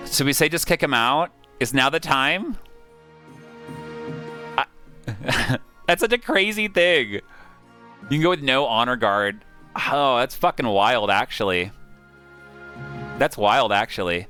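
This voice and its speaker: A man streaming a strategy game, excitedly thinking aloud, reading the story out and swearing casually. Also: medium pitch, slow, long pauses, soft background music. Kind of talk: live-streamed game play with narration.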